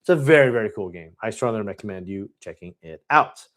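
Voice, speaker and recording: A man's voice: on the low side, lively intonation, a little fast, a bit bright. A man hosting a live Q&A, chatting with enthusiasm and many fillers. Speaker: board game channel host. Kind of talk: live Q&A chat.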